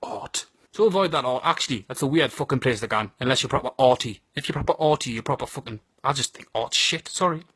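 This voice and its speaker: A man's voice: medium pitch, expressive, quick pace, few pauses, fairly bright tone, husky, no room sound, studio quality. A man with a Geordie accent giving a crude, blunt and sardonic comic monologue about his home city. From North East England.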